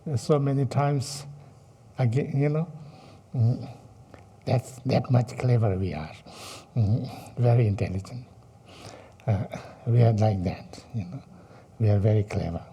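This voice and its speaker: Slow, dark-voiced man teaching dharma. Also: mid-range voice, husky. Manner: slow, halting, many fillers and rhetorical questions. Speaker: Buddhist teacher.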